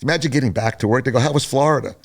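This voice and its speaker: An older man, a podcast guest, telling a story casually, animated and profane. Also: mid-range voice, rapid-fire.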